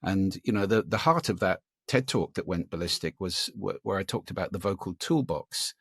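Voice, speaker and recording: Gravelly, husky man explaining with animation. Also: low voice, normal speed, no echo, clean studio sound. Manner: animated, demonstrative, gives vocal examples. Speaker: guest, speaker on voice and listening. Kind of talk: explanatory interview answers.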